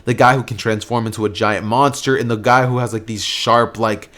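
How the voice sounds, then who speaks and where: Guy telling a what-if story out loud, rambly, um and like everywhere, mid-range voice. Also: medium pitch, fairly even intonation, fairly quick. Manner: rambling, lots of fillers. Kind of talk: casual fan-fiction narration.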